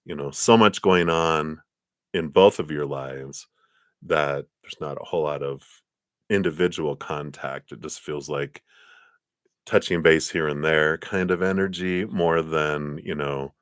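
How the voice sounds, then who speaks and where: A man giving live tarot readings in a gentle, meandering way, with many fillers and soft laughs. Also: rumbling low, fairly even intonation, measured pace, no echo, clean studio sound. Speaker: tarot card reader.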